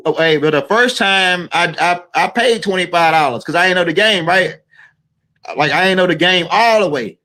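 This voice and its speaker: A man with a high-pitched, bright, forceful voice speaks at a moderate pace while hosting his own video channel. His casual monologue to camera rambles and is emphatic, and he repeats himself, frequently punctuating points with "right?"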